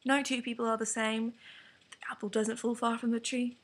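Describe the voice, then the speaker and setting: A teenage girl from England rants frankly to camera in a rambling vlog, dropping in whispered asides. Her voice is a little high, with a flat delivery at normal speed.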